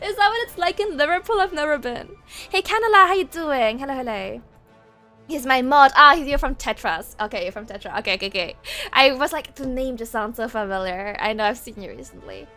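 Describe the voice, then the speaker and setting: High-voiced woman streamer, laughing and rambly. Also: expressive, a little fast, pushed and bright. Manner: laughs often, swears casually, rambly. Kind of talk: casual livestream chat, reading chat aloud. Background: faint game-soundtrack music.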